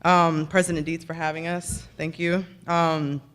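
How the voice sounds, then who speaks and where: A woman's voice: sits low, little pitch movement, a little slow, fairly bright tone. A woman in her thirties speaks at a podium microphone in a banquet room, giving an acceptance speech. She rambles in a chatty, self-deprecating way, thanking one person after another by name. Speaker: hall of fame inductee giving a speech. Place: ceremony breakfast in a banquet room.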